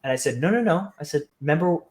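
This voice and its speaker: A man guesting on a podcast, telling a story in a casual, animated way and acting out what people said. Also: a little high, fast talker.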